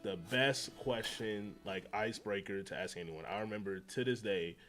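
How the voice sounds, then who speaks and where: Low-voiced male streamer, chatty and slangy, quick to get excited, faint music under him. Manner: slangy, rambling, excitable with frequent laughs. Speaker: gaming livestreamer. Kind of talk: casual livestream chat.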